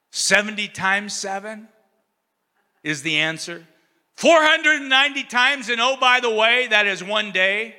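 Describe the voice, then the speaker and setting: A man delivers a sermon with a high, ringing, very bright voice. He tells the story conversationally, checking in with his listeners and acting out each character's lines. The sound carries a long hall reverb. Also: expressive, measured pace. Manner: conversational, asks the audience "you know what I'm saying". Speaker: preacher.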